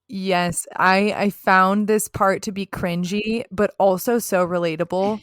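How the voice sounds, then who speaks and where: A woman co-hosting a casual podcast in a bubbly manner, often breaking into squeaky impressions. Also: fairly even intonation, a little slow, clear, resonant tone, no echo, clean studio sound. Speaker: podcast co-host. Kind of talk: casual chat.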